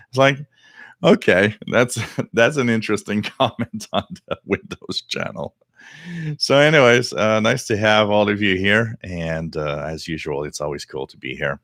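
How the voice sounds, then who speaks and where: Deep-voiced French Canadian man hosting. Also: normal speed, a bit bright, dry recording, clean studio sound. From Quebec, Canada. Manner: casual, rambling, many fillers and restarts. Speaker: host. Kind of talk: live radio hobby stream chat.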